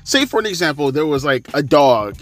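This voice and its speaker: A man's voice: fairly high pitch, sing-song, brisk, faint music behind. A man in his thirties giving sarcastic, profanity-laced wrestling commentary in a ranting style. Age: 30s.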